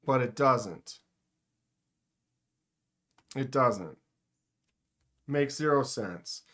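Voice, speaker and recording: A man's voice: medium pitch, expressive, drawn-out words, fairly bright tone. A man hosting a live stream, chatting casually with viewers in a joking, sarcastic way. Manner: joking, sarcastic, talks to chat. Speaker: livestream host. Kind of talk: casual livestream chat.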